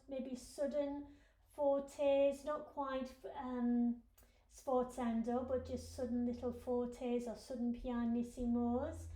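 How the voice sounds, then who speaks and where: In a room with a piano, a woman teacher gives a piano lesson, patiently walking her students through each step. Her voice is high and mellow, and the recording has a roomy echo with the piano faintly audible.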